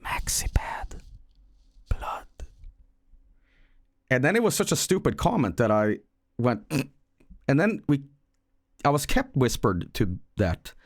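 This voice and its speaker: A man's voice: medium pitch, sing-song, unhurried, pauses often, dry recording, studio quality. A man streaming live, chatting casually about a movie he saw, with rambling, profane, joking storytelling.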